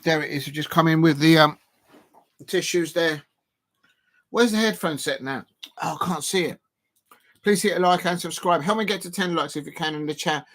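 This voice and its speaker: A man streaming a live football watch-along, chatting loosely with lots of fillers and sudden bursts of excitement. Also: fairly high pitch, normal speed, long pauses. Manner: rambling, filler-heavy, bursts of excitement at chances.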